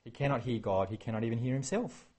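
A man preaching a sermon, animated and acting out the quoted exchanges. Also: mid-range voice, fast. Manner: animated, acts out quoted exchanges, many fillers.

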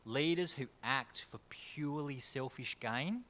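A man with an Australian accent preaching a sermon as a pastor, moving between quiet storytelling and loud, emphatic points. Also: mid-range voice, a little slow.

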